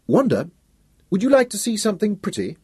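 A man doing a soft-spoken kindly old scientist. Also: a little high, wildly swooping pitch, normal speed, husky, dry recording, clean studio sound, pitched above the performer's own voice, heavily acted. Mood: gentle. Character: gentle, awkward older male scientist.

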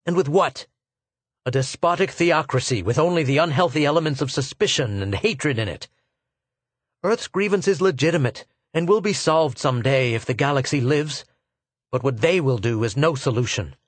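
A man's voice: a little high, animated, normal speed, no echo. An earnest male scholar of a star empire, as a narrator acts him out, argues with emphatic, rising force. His plea is persuasive and impassioned. The sound is dry and close.

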